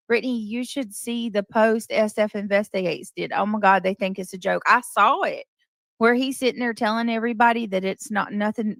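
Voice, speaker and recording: Woman streamer, gravelly, dry close mic, chatty. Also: medium pitch, no room sound. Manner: chatty, greets viewers by name. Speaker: live stream host. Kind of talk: casual live stream chat.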